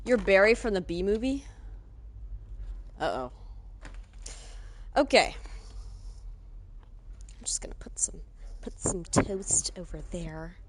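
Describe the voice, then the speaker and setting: A woman streaming live, chatting casually and excitedly greeting her viewers. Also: lowish voice. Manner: excitable, greets chat warmly.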